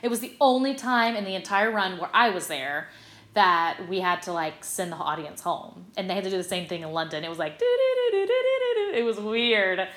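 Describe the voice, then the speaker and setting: Chatty actress in a roomy space. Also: female voice, fairly low pitch, fairly quick. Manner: animated, chatty, lots of fillers. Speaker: guest, stage actress. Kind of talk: casual interview storytelling. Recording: roomy echo.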